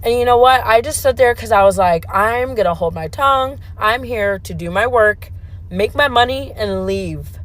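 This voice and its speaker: A woman's voice: fairly high pitch, moderate pace, rough recording. Woman telling a storytime. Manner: animated retelling, acts out dialogue. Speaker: social media storyteller. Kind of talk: casual storytime.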